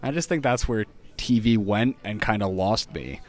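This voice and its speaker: Lower-voiced man rambling with "like". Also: moderate pace. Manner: rambling, fills speech with "like". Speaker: podcast guest. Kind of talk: casual chat.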